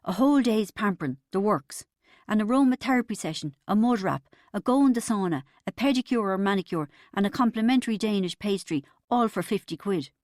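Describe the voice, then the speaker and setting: A woman's voice: mid-range voice, lively intonation, brisk, a little mellow, dry recording, studio quality, voice pushed up, close to an everyday voice. A woman voicing a bitter, boastful middle-aged husband in an audiobook, pompous and aggrieved. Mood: indignant.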